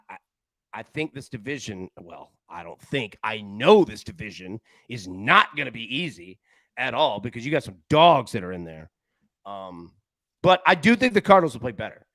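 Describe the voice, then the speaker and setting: A man hosting a sports betting show in casual chat, an animated, rambling storyteller who often restarts his sentences. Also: medium pitch, no echo. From Tennessee.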